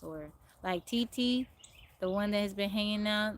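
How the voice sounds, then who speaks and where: A woman's voice: medium pitch, moderate pace, a little hiss or hum. A young woman from Texas, chatting casually on a livestream from outdoors and laughing often. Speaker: livestream host. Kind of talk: casual chat. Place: outdoors in nature. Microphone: phone livestream.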